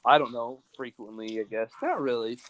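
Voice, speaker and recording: A man's voice: medium pitch, moderate pace, fairly bright tone. A young man hosting a podcast, telling stories in a rambling, profane, casual way. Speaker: podcast host. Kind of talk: casual chat.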